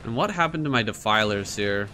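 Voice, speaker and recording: Excitable, foul-mouthed man commentating a game. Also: fairly low pitch, fairly quick, slight background noise. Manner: excitable, swearing, mocking, laughing often. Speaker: gaming streamer. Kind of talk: casual gameplay commentary.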